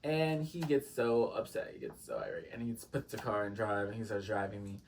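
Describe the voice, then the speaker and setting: A man's voice: lowish voice, expressive, brisk, gravelly, recorded from a distance, slight background noise. A man telling a storytime vlog, rambling with lots of fillers and dramatic asides to his viewers. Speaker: storytime vlogger. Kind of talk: casual storytime chat.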